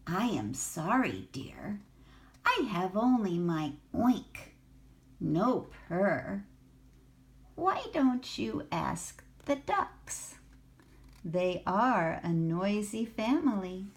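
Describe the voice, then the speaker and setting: An older woman reading a picture book, voicing a gentle motherly pig with a soft, half-whispered voice. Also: mid-range voice, big pitch swings, very slow, full character voice. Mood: kindly.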